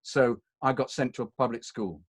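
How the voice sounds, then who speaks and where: A man's voice: medium pitch, normal speed, slightly rough, no echo. An English man with an upper-class accent, an actor reminiscing in a digressive, anecdotal way. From England. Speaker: actor, guest. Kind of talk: conversational reminiscing.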